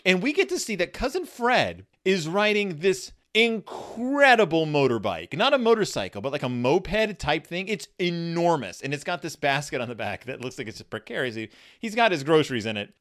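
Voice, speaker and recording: A man's voice: on the high side, big pitch swings, normal speed, hardly any pauses, a bit bright. A man in his forties giving a chatty, amused review of a children's picture book, full of rambling asides. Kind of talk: casual book commentary.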